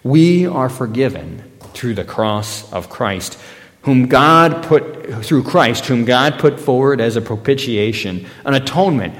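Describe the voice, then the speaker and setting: A man preaching a sermon in a church, his middle-pitched voice ringing out with a long hall reverb. He talks conversationally, weaving in everyday stories and lifting his voice for emphasis. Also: expressive, measured pace. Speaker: pastor.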